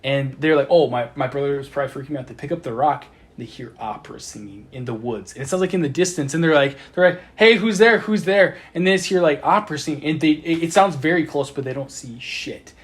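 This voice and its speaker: A man's voice: mid-range voice, fast talker, hardly any pauses. A young man hosting a casual podcast with friends, telling a story with lots of stammered repeats, recorded on a phone. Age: young adult. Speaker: podcast host telling stories. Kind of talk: casual chat among friends. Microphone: phone voice memo app.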